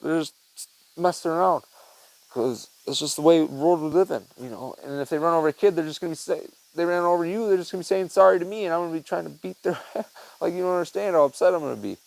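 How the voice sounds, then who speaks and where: A man's voice: high voice, vocal fry, a little mellow, dry recording, rough recording. A young man hosting his own podcast, talking in a rambling, profane, heartfelt way with lots of fillers. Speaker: podcast host. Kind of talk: casual monologue.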